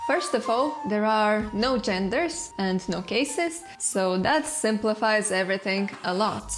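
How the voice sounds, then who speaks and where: A woman hosting a language channel, narrating an educational explainer in a clear, lightly playful way. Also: mid-range voice, animated, a little slow, background noise.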